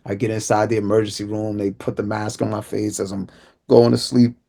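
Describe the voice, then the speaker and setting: A man's voice: lowish voice, flat delivery, brisk, creaky, warm tone. A man who is an inspirational speaker, telling his life story as a vivid testimony and acting out the dialogue. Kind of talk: personal testimony.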